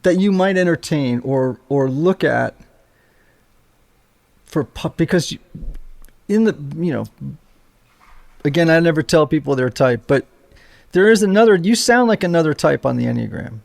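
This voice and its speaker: A man's voice: a little high, animated, moderate pace, vocal fry, pauses often, darkish tone. A man hosting a podcast, explaining ideas to his guest in a thoughtful, conversational way. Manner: thoughtful, explaining with fillers and restarts. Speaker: podcast host. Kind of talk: conversational interview.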